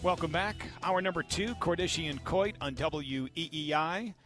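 A man's voice: fairly high pitch, normal speed, music in the background. A man hosting a sports talk radio show, upbeat and punchy as he runs the segment. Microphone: studio broadcast mic.

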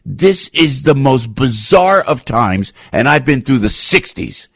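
An older man hosting a radio talk show, telling anecdotes in an emphatic, repetitive, rambling way with sudden swings in pitch. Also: big pitch swings, slow, gravelly, slightly rough, dry recording, studio quality. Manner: emphatic, repetitive, restarts often. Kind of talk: rambling opinion monologue with anecdotes.

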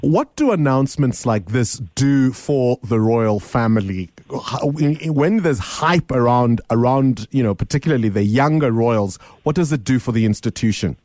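A man's voice: mid-range voice, normal speed, hardly any pauses, no echo. A man hosting a radio talk show in casual, conversational chat. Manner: conversational and relaxed, with easy restarts. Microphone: studio microphone.

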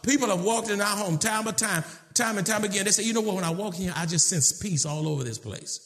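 A male pastor delivers a sermon, moving from low, measured points up to shouted, emphatic questions. His phrasing stays casual, with words like "y'all."

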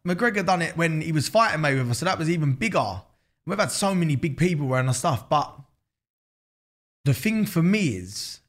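A man's voice: a little high, a bit bright. Slangy London man in casual chat. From England. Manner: loose, slangy, full of fillers and swearing. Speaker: guest, business founder.

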